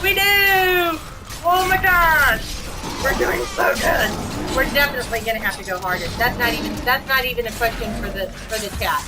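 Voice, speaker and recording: A woman streaming a game live, chatting excitedly and squealing at wins. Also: a little high, quick pace, hardly any pauses, heavy background noise. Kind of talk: live gameplay commentary. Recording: game music in the background. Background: music.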